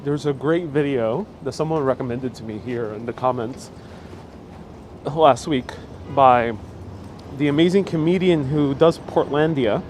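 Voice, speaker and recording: Walking outdoors on a windy street, a New York City man with a local accent leads a live tour, friendly and chatty, reading and replying to viewers' comments aloud along the way. He has a mid-range, slightly mellow voice and a measured pace; traffic and street noise are faintly audible.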